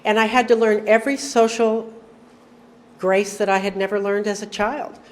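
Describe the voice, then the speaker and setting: A woman's voice: medium pitch, steady tone, moderate pace. A middle-aged woman telling her personal recovery story to an audience, with wry, self-deprecating humor and acted-out dialogue. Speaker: recovery meeting speaker.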